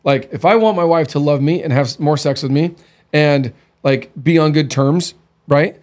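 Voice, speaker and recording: A slightly high, darkish voice at a moderate pace belongs to this podcast host in his thirties. Chatting casually, he recounts candid stories bluntly, quoting the dialogue.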